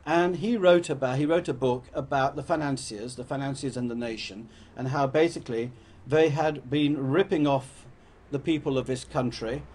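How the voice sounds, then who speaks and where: A man's voice: medium pitch, moderate pace, darkish tone, breathy edge. An older man from England gives a rambling, anecdotal talk to an audience, often correcting himself as he goes. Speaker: public speaker.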